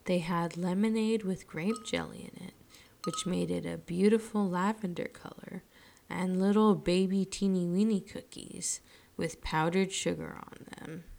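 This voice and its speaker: A woman storyteller reading a children's story aloud in a slow, soothing way, dropping her voice at line ends. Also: lowish voice, vocal fry, darkish tone, slight background noise.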